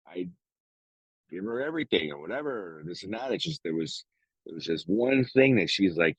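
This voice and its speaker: Husky low-voiced man, blunt and profane. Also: animated, normal speed, no room sound, muffled recording. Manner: blunt, heavy swearing, acts out quoted dialogue. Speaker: podcast co-host. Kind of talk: casual chat.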